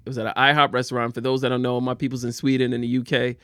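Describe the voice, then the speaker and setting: A man's voice: medium pitch, level tone, very fast, bright, forceful tone, no echo, clean studio sound. A man telling stories in a casual podcast chat, slangy and laughing often.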